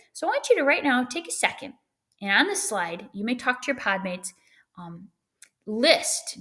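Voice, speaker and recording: Lively woman teacher giving a lesson. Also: on the high side. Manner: lively, tags with "right?" and "okay?". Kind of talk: recorded classroom lesson.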